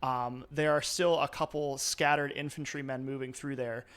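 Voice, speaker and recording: A man's voice: mid-range voice, little pitch movement, moderate pace, a bit bright, clear, resonant tone. A man narrating as game master of a live tabletop role-playing game, talking loosely with many fillers.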